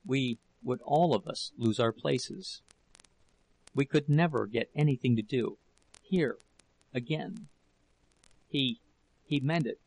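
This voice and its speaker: A man voicing a frightened, ashamed young working woman in an audiobook, speaking softly in halting pieces. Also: medium pitch, gravelly, breathy edge, no echo, full character voice, low-quality recording. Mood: faltering. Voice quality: faltering, soft and broken. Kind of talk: audiobook character reading.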